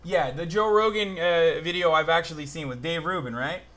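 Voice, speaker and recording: A young man runs a live stream from his phone, talking in a rambling, profane way and flaring up in exasperation. His voice sits a little high for a man. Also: moderate pace, very noisy. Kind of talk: livestream commentary.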